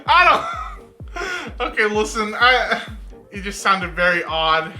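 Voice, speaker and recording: A woman's voice: mid-range voice, slow, long pauses, sharp tone, faint music behind. A woman giving sassy, laughing reaction commentary on a video.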